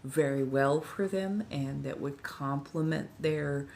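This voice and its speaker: A woman's voice: low-pitched, slow, creaky, darkish tone, a little hiss or hum. A woman in her forties with a Californian accent, chatting and rambling on a casual livestream while slightly tipsy at a friend's house. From Southern California. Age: 40s. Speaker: livestream host.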